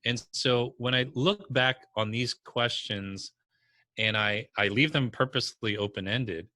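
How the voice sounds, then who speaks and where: A business coach from the New Jersey or New York area, with a matching accent, tells stories in a podcast interview. His mid-range voice moves a little slowly, the recording is dry, and his storytelling is blunt and energetic, with strong language.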